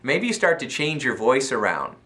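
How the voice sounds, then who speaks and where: A man's voice: medium pitch, very animated, normal speed, bright, forceful tone. An American man giving an upbeat motivational talk as a self-help coach, laughing often and acting out little voices.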